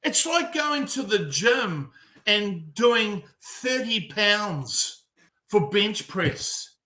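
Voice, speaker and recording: A man's voice: high-pitched, drawn-out words. Blunt, swearing New Zealand man. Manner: blunt, heavy swearing, animated storytelling. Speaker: mental performance coach, guest. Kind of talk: casual podcast conversation.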